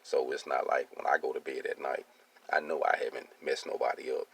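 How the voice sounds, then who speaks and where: Very deep, gravelly-voiced man. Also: steady tone, fairly quick, a bit bright. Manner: streetwise, keeps asking "you see what I'm saying". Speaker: welding business owner. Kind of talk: casual personal monologue.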